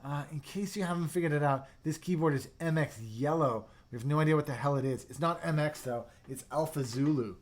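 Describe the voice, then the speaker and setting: Young male livestream host, slightly higher voice, excitable and rambling with quiet mumbled asides. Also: a little fast, hardly any pauses. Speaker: livestream host reviewing keyboards. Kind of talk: casual livestream chat reading viewer comments.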